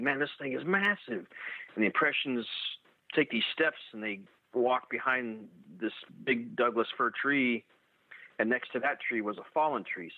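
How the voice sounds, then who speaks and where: A man telling his own encounter story in a halting way, full of restarts and fillers. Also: medium pitch, dry recording. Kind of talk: first-person storytelling. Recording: tinny dry phone-like radio audio.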